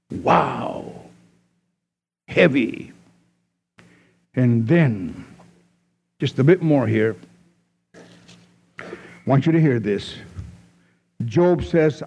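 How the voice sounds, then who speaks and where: A man preaching a sermon, his voice rising to emphatic peaks and then dropping low and slow. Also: darkish tone. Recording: dull lo-fi recording.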